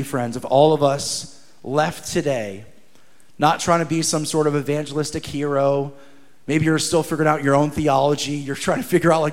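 A man in his thirties preaching a sermon in an energetic, conversational way, with slangy asides and acted-out quotes. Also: a little high. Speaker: pastor.

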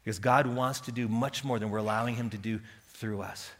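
A man preaching a sermon with passion, dropping to hushed tones and rising to loud pleading. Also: lowish voice, fairly even intonation, fairly quick. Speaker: pastor. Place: church hall. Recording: reverberant hall.

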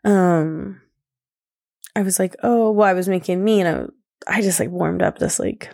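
A young woman hosting a podcast, chatting casually about her days as a mother, rambling with many fillers and soft laughs. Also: fairly low pitch, normal speed, vocal fry. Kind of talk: casual personal talk.

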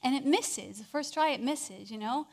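A woman with a high voice telling an inspirational story in a sermon. She is animated and swings between hushed moments and loud ones. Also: moderate pace, vocal fry. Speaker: speaker.

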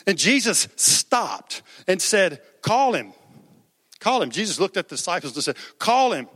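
A man's voice: high voice, sing-song, moderate pace, a bit bright, long reverb tail. A man preaching a sermon as pastor, conversational, raising his voice for quoted cries.

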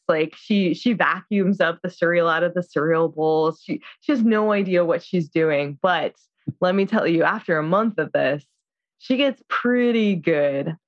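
A woman's voice: on the low side, dry recording. A woman casually recapping a film in a chatty, filler-heavy way, acting out the characters' lines. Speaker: podcast co-host. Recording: slightly dull dry sound.

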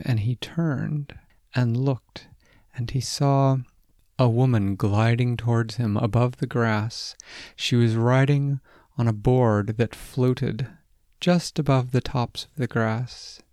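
Male host reading bedtime stories, slow delivery, gravelly texture. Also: mid-range voice, darkish tone, no echo, clean studio sound. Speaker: host and storyteller. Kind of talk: bedtime story narration.

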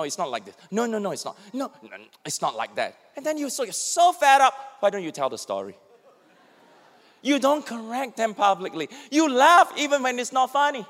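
A man's voice: very high voice, in a large hall. A man pastor preaching a sermon, acting out quoted lines as he speaks. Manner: animated, acts out quoted speech.

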